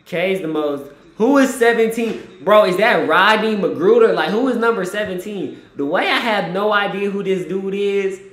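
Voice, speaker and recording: A man's voice: sits high, moderate pace, hardly any pauses, echoey room. Slangy man reacting to a basketball game. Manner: animated, talks to the players on screen, laughs often; slangy, says "bro" a lot. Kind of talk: casual live reaction commentary.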